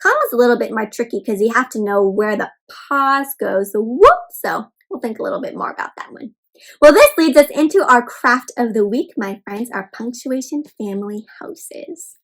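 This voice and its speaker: Brief: woman, high-pitched kids' read-aloud host, encouraging sing-song teacher. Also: big pitch swings, normal speed, low-quality recording. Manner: encouraging, repeatedly addresses listeners as friends; bouncy sing-song teacher delivery with counted prompts. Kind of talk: teaching young children after a read-aloud.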